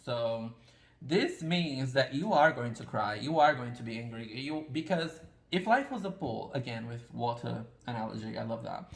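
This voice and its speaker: A man's voice: mid-range voice, animated, moderate pace, vocal fry, reverberant, low-quality recording. A man giving a casual pick-a-card tarot reading, talking in a rambling, confessional and self-deprecating way.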